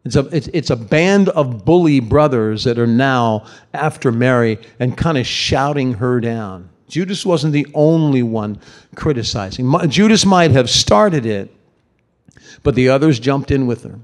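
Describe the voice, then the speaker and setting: A man's voice: medium pitch, lively intonation, a little slow. A man preaching a sermon in a conversational, emphatic way, often repeating words for stress.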